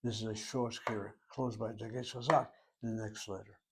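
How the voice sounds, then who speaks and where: A man's voice: on the low side, fairly even intonation, normal speed, a bit bright, breathy edge. A man teaching a Hebrew grammar lesson, working through each word step by step and reasoning aloud as he goes. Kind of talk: grammar lecture.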